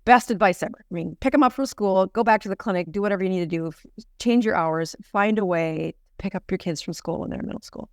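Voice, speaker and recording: Animated middle-aged woman telling stories. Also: on the low side, fast, no room sound, clean studio sound. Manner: animated storyteller, laughs often. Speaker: physician and podcast guest. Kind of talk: storytelling in a podcast interview.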